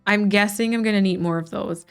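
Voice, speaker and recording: A woman's voice: medium pitch, brisk, smooth, soft background music. A woman streamer chatting casually while playing a game, thinking aloud with restarts and light laughs.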